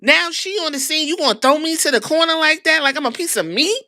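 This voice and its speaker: A woman's voice: high-pitched, expressive, brisk, sharp tone, voice pushed up. A woman voicing a defiant woman wrestler who confesses a betrayal, in a sassy, wounded tone. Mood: hurt pleading.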